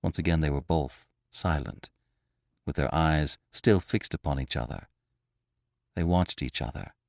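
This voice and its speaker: A man, host of a classic-story podcast, reading a novel aloud with dramatic, expressive storytelling. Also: a bass voice, unhurried, gravelly, no room sound, studio quality. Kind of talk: audiobook narration of a classic novel.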